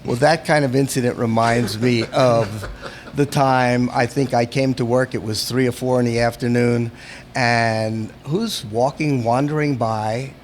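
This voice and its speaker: A man of middle pitch hosts a casual chat at a bar, laughing easily and teasing his guest with follow-up questions. A faint ambient noise hums behind him. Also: fairly even intonation, unhurried. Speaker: bar host.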